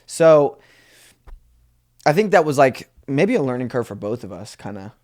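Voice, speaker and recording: A young adult man co-hosting a comedy podcast, telling stories in a relaxed way and teasing playfully in casual banter. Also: medium pitch, normal speed. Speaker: podcast co-host.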